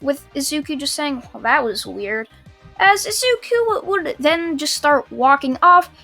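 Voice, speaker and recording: A woman's voice: sits high, pushed and bright. A teenage girl telling a fan-made anime story, rambling casually with lots of fillers and chatty asides.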